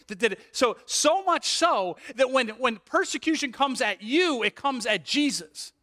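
A male pastor preaching a sermon with animated delivery, rhetorical questions and frequent "right?" asides, restarting and repeating words as he builds a point. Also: very high voice, normal speed, few pauses. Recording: long hall reverb.

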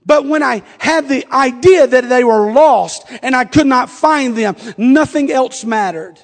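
A man in his forties, a pastor preaching a sermon, telling a humorous family story that builds into fervent, shouted appeals. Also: very high-pitched, measured pace. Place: church sanctuary. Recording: long reverb of a church sanctuary.

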